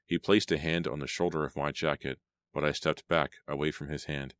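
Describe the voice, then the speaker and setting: A man narrating an audiobook in a steady, measured reading style. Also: very deep voice, dry recording. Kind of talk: scripted storybook narration.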